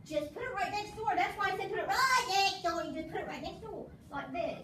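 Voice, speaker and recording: A woman's voice: very high-pitched, lively intonation, a little fast, pushed and bright. A woman teaching subtraction at home, patient and coaxing, drilling a student in call-and-response. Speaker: math teacher. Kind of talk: casual home math lesson. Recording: echoey room from far off, faint background noise.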